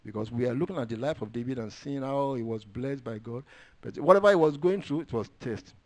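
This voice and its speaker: The highs are cut off in this recording of a man preaching a sermon at a slightly fast clip. He quotes and reads scripture, swinging between low, hushed asides and loud, raised statements while drawing out words for stress.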